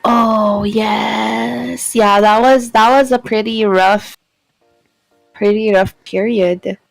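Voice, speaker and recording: Filipino woman chatting with halting restarts. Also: mid-range voice, steady tone, creaky, no echo, soft background music, poor audio. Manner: halting, repeats words, emotional. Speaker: streamer co-host. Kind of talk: casual Taglish chat.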